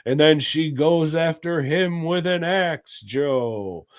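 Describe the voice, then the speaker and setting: Slow-talking, joking man. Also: fairly high pitch, dry recording, studio quality. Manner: crude, joking, laughs through his recaps. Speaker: podcast co-host. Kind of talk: casual chat recapping a horror anthology.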